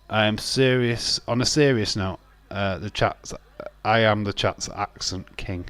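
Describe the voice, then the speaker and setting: Man, live-stream host, teasing and jokey, lowish voice, dry close sound. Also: measured pace, vocal fry, a bit bright, no room sound. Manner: jokey, teasing, laughs often. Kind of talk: casual live-stream chat, reading chat aloud.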